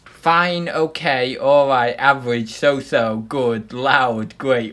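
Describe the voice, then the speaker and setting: A man's voice: medium pitch, steady tone, slow pace, fairly bright tone. A young man hosting a casual livestream, chatty and self-mocking as he rambles on about his new microphone. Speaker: livestream host. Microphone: desktop microphone.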